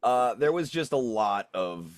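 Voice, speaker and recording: A man running a tabletop game, recapping the last session in a casual, animated way and laughing often. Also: mid-range voice, unhurried, dry recording, studio quality. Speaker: game master.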